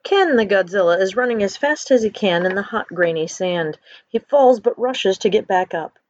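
A woman reading her own story aloud in an earnest, expressive way. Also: medium pitch, normal speed, a little hiss or hum. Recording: dull lo-fi recording.

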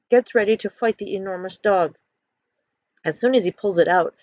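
A woman reading her own story aloud in an earnest, expressive way. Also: medium pitch, no room sound. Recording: dull lo-fi recording.

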